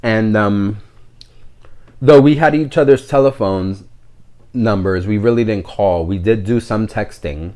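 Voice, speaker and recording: Candid low-voiced New man storytelling. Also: a little slow, dark tone. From New York City. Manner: candid, conversational, rambling with fillers. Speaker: podcast host. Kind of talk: personal storytelling monologue.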